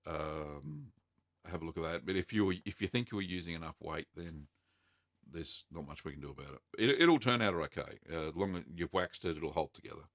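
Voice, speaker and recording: Aussie guy with a deep voice, laid back q&a on his stream, lots of ums, dry close sound. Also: expressive, a bit bright, no echo. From Australia. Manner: chatty and unhurried, many ums and uhs. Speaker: host answering viewer questions. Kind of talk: casual live-stream Q&A.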